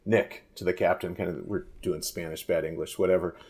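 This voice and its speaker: A man with a fairly low voice, speaking as a guest in a relaxed conversation. He is a fishing guide who tells long, animated stories and often breaks off and restarts his sentences. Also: a little fast. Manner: rambling, animated anecdotes with frequent restarts. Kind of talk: casual storytelling in a podcast interview.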